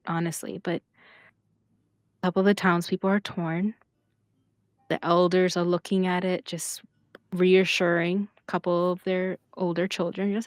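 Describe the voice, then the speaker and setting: A woman's voice: on the low side, steady tone, unhurried, pauses often, no echo, studio quality. A woman narrating as game master, chatty and full of filler words.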